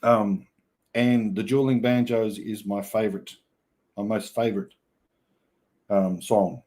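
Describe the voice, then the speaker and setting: A man's voice: on the low side, fairly even intonation, slow pace, warm tone. An Australian man with an Australian accent hosting a livestream, chatting casually in rambling, joking banter. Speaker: livestream host.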